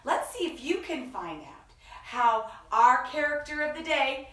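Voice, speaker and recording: A woman hosting a children's story time, reading slowly in a playful sing-song and stretching out her words. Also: sits high, expressive, fairly bright tone, distant mic. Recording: echoey room, voice from off-mic.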